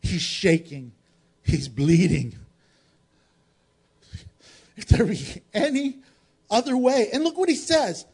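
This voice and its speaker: A male pastor preaching a sermon dramatically, swinging between raised exclamations and hushed low tones and putting rhetorical questions to the congregation. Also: lively intonation, slow pace, pauses often, slightly rough.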